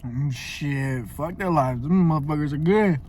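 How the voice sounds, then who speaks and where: A man's voice: fairly high pitch, unhurried, a little mellow, a little hiss or hum. Rambling, profane man in a parked car. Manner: rambling, profane, talks while eating. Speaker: vlogger. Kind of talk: casual rambling monologue. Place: car parked in an empty parking lot.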